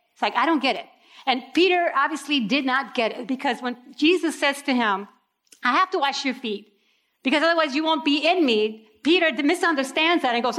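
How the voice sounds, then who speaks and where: A woman preaching a sermon in an animated way, acting out people's reactions with sudden leaps in her voice. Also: high-pitched.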